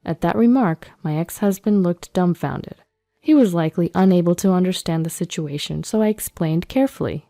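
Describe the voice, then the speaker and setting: Low, gravelly woman narrating a story. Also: moderate pace, dark tone, faint music behind. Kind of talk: scripted first-person story narration.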